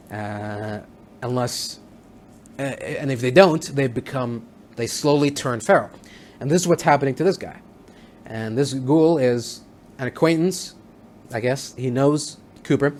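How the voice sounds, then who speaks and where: A man giving a casual spoken review of a TV series, rambling with many fillers and restarts, sometimes acting out lines in quick voices. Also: mid-range voice, a little hiss or hum. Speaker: show reviewer.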